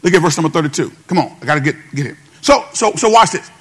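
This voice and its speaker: Man preaching high, keeps asking the church if they're with him, sing-songy. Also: animated, fast talker, fairly bright tone, slightly rough. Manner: call-and-response preaching, repeats phrases, at times sing-song. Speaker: pastor. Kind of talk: sermon.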